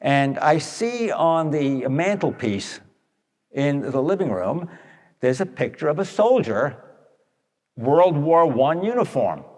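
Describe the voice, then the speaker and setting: A slightly high, sing-song, somewhat mellow male voice moves slowly through a large hall. As a radio advice talker, he tells homespun, conversational stories, speaks to his audience directly, and performs what people said.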